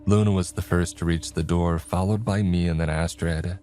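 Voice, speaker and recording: A man giving a measured, dramatic scripted narration of a horror story. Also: deep voice, fairly even intonation, warm tone. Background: faint music.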